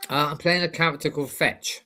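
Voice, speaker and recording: A man's voice: on the high side, fairly even intonation, fast, bright, forceful tone. A man with a Bristolian accent co-hosting a casual chat, talking hesitantly with many restarts. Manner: hesitant, full of ums and restarts.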